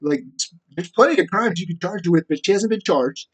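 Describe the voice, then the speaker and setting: Male vlogger, slightly high pitch; rambling, foul-mouthed monologue with sudden loud spikes. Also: animated, brisk, breathy edge. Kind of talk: direct-to-camera monologue.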